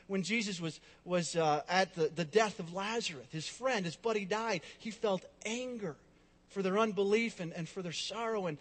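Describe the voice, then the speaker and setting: High-voiced preacher in a reverberant hall. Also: male voice. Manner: dynamic preaching, swinging between loud emphasis and soft hushed lines. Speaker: pastor. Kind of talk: sermon.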